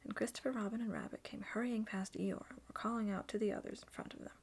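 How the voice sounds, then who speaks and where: A woman reading a children's story aloud in soft, slow whispered role-play. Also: mid-range voice, steady tone, creaky, husky.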